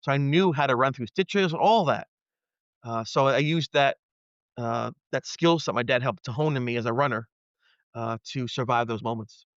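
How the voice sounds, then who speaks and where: A man's voice: mid-range voice, normal speed, fairly bright tone, dry recording. Man in his 50s telling an intense story, earnest, acts out his own thoughts, dry dull lo-fi audio. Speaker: podcast guest. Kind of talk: personal storytelling in conversation.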